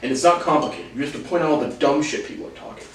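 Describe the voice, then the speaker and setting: A man's voice: on the high side, very fast, recorded from a distance. A young man telling college stories in a casual monologue, profane and sardonic, laughing between lines. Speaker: host. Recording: roomy echo, voice off-mic, faint noise.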